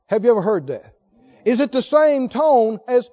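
A man's voice: very high-pitched, sing-song, normal speed, mellow, muffled recording. A male pastor preaching emphatically, often putting questions to his congregation. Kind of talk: sermon.

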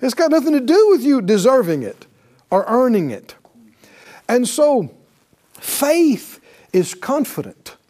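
Male pastor, animated sermon voice, swooping pitch, prompts congregation responses. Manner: animated, call-and-response, laughs often.

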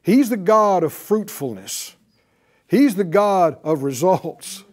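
A man preaching to a class, animated, asking them questions and acting out quotes. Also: sits high, slow. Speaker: bible teacher.

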